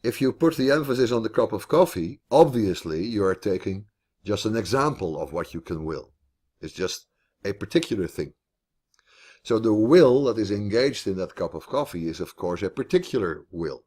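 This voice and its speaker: A man's voice: lowish voice, animated, moderate pace, darkish tone. A man teaching philosophy online in a video call, thinking aloud as he explains, with restarts and repeated words.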